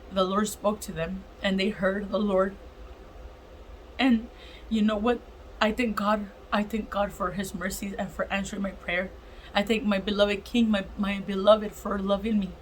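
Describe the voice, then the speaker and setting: A woman casually telling a heartfelt personal testimony, animated and emotional, acting out what others said. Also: medium pitch, a little hiss or hum, poor audio. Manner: animated, emotional, acts out other people's lines. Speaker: vlogger sharing a testimony.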